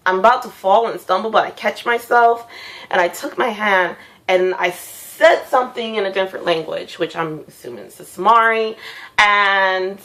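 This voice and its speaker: A young woman casually telling a dream story to her viewers, animated, swearing freely and laughing as she acts out sounds. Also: medium pitch, normal speed.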